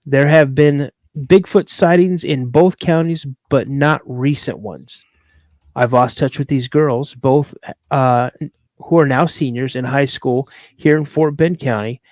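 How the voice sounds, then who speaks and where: Male co-host, casual anecdotal storyteller, mid-pitched, dry sound. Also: a little slow, darkish tone, dry recording. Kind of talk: casual chat on a live show.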